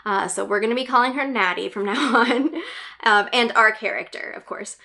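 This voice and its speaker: A woman's voice: fairly high pitch, normal speed, bright, forceful tone. A woman hosting a gaming news channel, giving an enthusiastic fan's casual recap with lots of fillers and giggles. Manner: chatty, with frequent fillers and giggles; enthusiastic fan.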